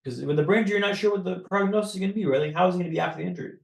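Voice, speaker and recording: High, gravelly man telling his story. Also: echoey room. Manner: dramatic, paced storytelling with pauses. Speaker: podcast guest. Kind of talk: personal storytelling.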